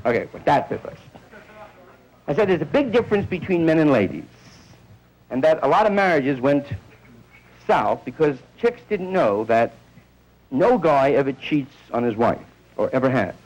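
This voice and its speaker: A man performing a rambling stand-up routine, slipping into quick character bits, on an old recording. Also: a little high, sing-song, darkish tone, poor audio. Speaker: stand-up comedian.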